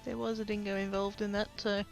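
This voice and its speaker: An Australian woman chatting casually on a livestream while she crafts, rambling and often trailing off into quiet asides. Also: medium pitch, level tone, brisk, vocal fry, faint music behind. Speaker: streamer.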